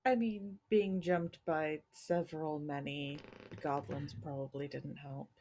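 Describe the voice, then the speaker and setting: A woman player weighs options out loud, slow and a bit hesitant. Her voice is fairly low, with a wry edge. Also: fairly even intonation, slight background noise. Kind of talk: casual tabletop play.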